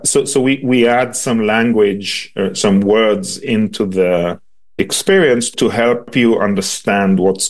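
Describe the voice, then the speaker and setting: A man giving patient, measured interview answers about a device he designs, often pausing on ums and restarting phrases. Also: on the low side.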